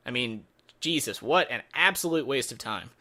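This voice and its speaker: A man's voice: mid-range voice, expressive, moderate pace, bright, forceful tone. A man giving a casual spoken movie review in a sarcastic, exasperated way.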